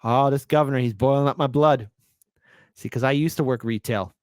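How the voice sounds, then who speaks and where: A man hosting an online commentary show, reacting to news clips in an animated, mocking way with sudden shouted bursts. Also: mid-range voice, brisk, no room sound, studio quality. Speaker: host.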